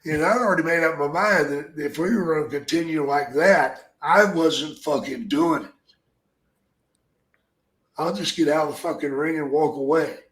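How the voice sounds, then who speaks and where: A man's voice: fairly high pitch, moderate pace, fairly bright tone, roomy sound, low-quality recording. An older man and former wrestler hosting a podcast, telling blunt, profane stories in a casual way. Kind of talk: casual storytelling.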